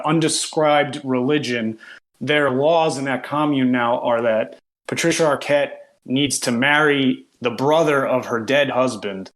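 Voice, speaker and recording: A man of ordinary pitch talks casually on a film podcast. He recaps a bad movie with amused disbelief and frequent laughter. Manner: animated storytelling, laughing at the film. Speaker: podcast co-host reviewing films. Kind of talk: casual chat.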